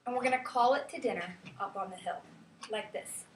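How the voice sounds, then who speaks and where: Woman, teacher, lively classroom talk, high voice, echoey room, far from the mic. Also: brisk, a little hiss or hum. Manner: lively, chatty, checks in with "okay?". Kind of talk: classroom lesson. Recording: roomy classroom from a far camera.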